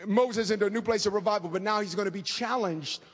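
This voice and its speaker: A man preaching a fervent sermon, talking fast and calling out to the congregation. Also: sits high, breathy edge. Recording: long hall reverb.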